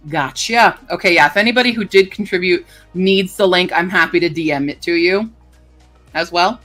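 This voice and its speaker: A woman livestreamer chatting casually with her viewers, rambling and filling pauses with lots of ums and uhs. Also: on the low side, a bit bright, soft background music. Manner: chatty and rambling, with many fillers. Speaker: livestreamer greeting chat. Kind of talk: casual live-stream chat.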